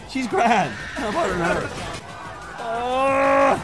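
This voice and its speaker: Irish man, gaming commentary, very high voice, shouting and swearing, music and crowd noise behind. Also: animated, moderate pace. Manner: loud, screaming, swearing, frequent laughing. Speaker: gaming video host. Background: music and crowd sounds.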